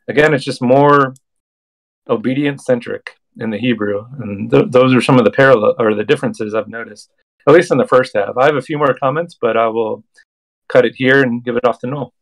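A man co-hosting a scripture study show, comparing verses in a relaxed, conversational way. He pauses on frequent ums between points, at a middle pitch. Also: low-quality recording. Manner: relaxed, many ums, reads passages aloud. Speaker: podcast co-host. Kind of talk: casual scripture discussion with read-aloud verses.

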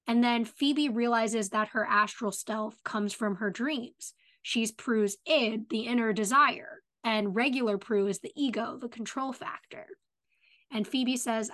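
A woman's voice: a little high, unhurried, fairly bright tone. A young adult woman co-hosting a podcast, chatting loosely about a TV episode and quoting the characters as she retells the scenes. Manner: chatty, quotes characters with "she's like", many "like" fillers. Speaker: podcast co-host. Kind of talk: casual chat recapping a TV episode.

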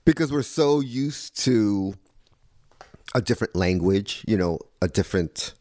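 A man's voice: fairly low pitch, animated, measured pace, darkish tone, no echo. A man in casual conversation, telling a story and mimicking people's voices in quotes. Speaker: guest.

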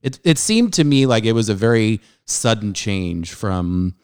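Enthusiastic middle-aged man hosting, smooth voice. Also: on the low side, big pitch swings, a little slow, darkish tone, no room sound, clean studio sound. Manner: enthusiastic, rambling with many restarts and fillers. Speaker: podcast host. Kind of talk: casual chat.

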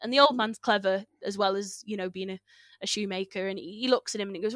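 A woman's voice: mid-range voice, fast, a bit bright, dry recording, clean studio sound. A woman telling a folk tale in a casual, chatty way, laughing and correcting herself as she goes. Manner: chatty, giggly, with fillers and self-corrections. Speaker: storyteller guest. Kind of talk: casual oral storytelling.

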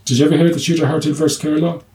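Mellow-voiced doctor telling stories. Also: male voice, a little high, fairly even intonation, rapid-fire. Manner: hesitant restarts, anecdotes with quoted dialogue and humour. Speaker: doctor running a clinic. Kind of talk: conversational interview answer.

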